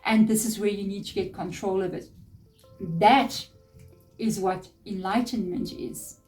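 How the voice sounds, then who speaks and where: A woman's voice: mid-range voice, steady tone, a little slow, darkish tone. A middle-aged woman reading tarot, giving spiritual advice in an earnest, emphatic way with lots of repetition. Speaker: tarot reader. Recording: distant mic with faint background music.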